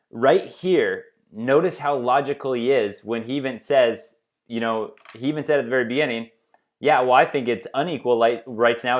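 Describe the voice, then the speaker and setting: A man delivers a rambling, emphatic commentary as a dating coach host. His voice sits at a middle pitch. He often asks "right?" to keep the listener with him. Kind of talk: opinionated commentary monologue.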